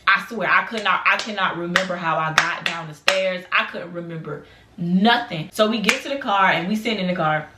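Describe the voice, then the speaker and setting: A woman vlogger telling a lively storytime to her viewers, acting out the voices of people in it and talking casually to the audience. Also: lowish voice, moderate pace. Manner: animated, acts out voices in quotes; colloquial, addresses viewers as y'all. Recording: echoey room with background noise.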